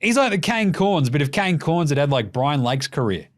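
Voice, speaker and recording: Australian male podcast host, young adult, slightly high voice; foul-mouthed, sarcastic, animated casual commentary. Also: moderate pace. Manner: profane, animated ranting with sarcastic jokes.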